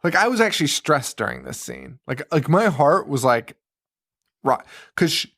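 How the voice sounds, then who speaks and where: A man's voice: a little high, moderate pace, creaky, dry recording. Male podcast co-host, casual profane film recap, acts out quotes, dry close mic. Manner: profane, animated retelling with acted-out quotes. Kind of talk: casual movie recap chat.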